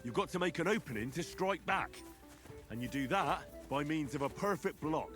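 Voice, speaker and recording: Game role: man as a dry, wry young swordsman, lively voice, faint game music behind. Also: a little high, normal speed, close to an everyday voice. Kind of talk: video game dialogue.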